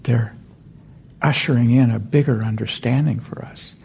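A man giving a dharma talk as a meditation teacher in a meditation center hall, speaking gently and meandering, often correcting himself mid-sentence. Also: medium pitch, steady tone, moderate pace, vocal fry, a little hiss or hum.

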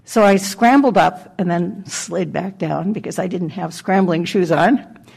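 Older lady meditation teacher, low gravelly voice, soft and thoughtful. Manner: gentle, reflective, with soft laughs and pauses. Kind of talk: dharma talk. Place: meditation hall.

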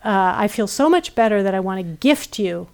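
A woman's voice: mid-range voice, lively intonation, moderate pace, a little mellow, clear, resonant tone, close to an everyday voice. A woman voicing a grieving underworld queen who moans theatrical laments. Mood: relieved, generous.

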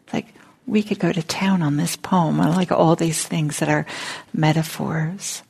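A soft-spoken woman teacher gives a reflective dharma talk at an unhurried pace, often slipping near a whisper. Her low voice has a gravelly, husky texture. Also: fairly even intonation. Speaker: meditation teacher. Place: meditation center.

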